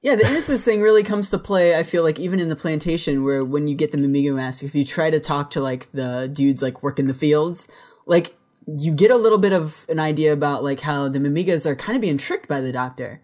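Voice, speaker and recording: A man's voice: on the high side, brisk, darkish tone. A man co-hosting a podcast in casual chat, rambling with lots of filler words. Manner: rambling, filler-heavy speech. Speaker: podcast co-host.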